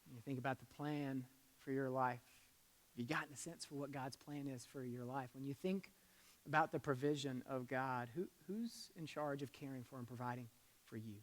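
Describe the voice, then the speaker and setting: A male pastor preaching a sermon in a conversational way, shifting between loud emphasis and soft asides and leading the congregation in call-and-response. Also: mid-range voice, moderate pace. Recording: long hall reverb.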